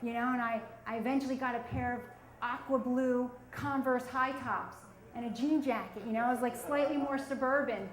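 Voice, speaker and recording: A woman's voice: on the high side, steady tone, normal speed, roomy sound, rough recording. A woman, telling a self-mocking story on stage at a storytelling event. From South Philadelphia. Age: 40s. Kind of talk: live storytelling.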